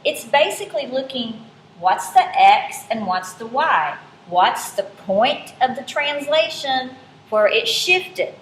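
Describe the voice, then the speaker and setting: Woman math teacher, slightly high voice, informal and self-correcting, roomy recording with faint noise. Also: very animated, takes it slowly, fairly bright tone. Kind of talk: recorded classroom lesson.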